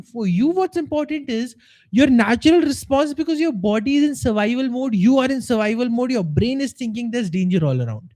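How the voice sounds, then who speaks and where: Very high-pitched yet dark in tone, this man talks at a moderate pace with lively intonation. He's a life coach giving a motivational talk on a live stream, earnestly explaining things and performing the voices of people he quotes.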